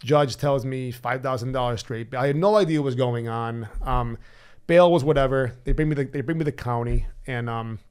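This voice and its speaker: A man appears as a podcast guest, recounting his own story bluntly and animatedly, swearing freely and acting out dialogue he remembers. His medium-pitched voice has a darkish, clean tone at a moderate pace.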